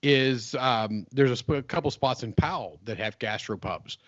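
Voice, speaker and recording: A man's voice: mid-range voice, moderate pace, fairly bright tone, no room sound, highs cut off. A man from West Virginia co-hosting a casual podcast chat, rambling and repeating himself with frequent laughs. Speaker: podcast co-host.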